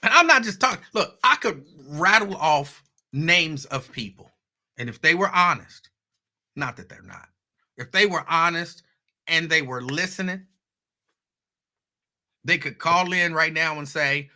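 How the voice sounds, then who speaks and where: Male host, fairly high, very bright voice, casual storytelling with asides to the audience. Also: measured pace, long pauses. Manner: conversational storytelling, animated asides to listeners. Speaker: radio host. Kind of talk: casual monologue.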